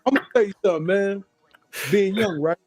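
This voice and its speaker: A man's voice: high-pitched, fairly quick, darkish tone, soft background music. A man hosting a casual chat, telling stories with lots of swearing and acted-out quotes. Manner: storytelling, swears freely, acts out quotes. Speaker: host.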